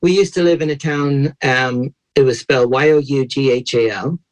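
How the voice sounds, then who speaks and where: A man's voice: mid-range voice, moderate pace, poor audio. A modest, easygoing man from Alabama speaks as an interview guest. His Southern American accent carries a light Irish lilt picked up over years abroad. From Alabama, USA. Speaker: guest, church worker. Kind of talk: casual interview chat.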